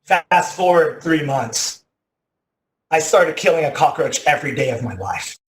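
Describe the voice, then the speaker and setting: A man in his thirties telling a personal story as a motivational talk, animated, often saying "like", with loud bursts at dramatic moments. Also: on the high side, a little slow. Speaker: teacher giving a motivational talk. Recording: echoey room.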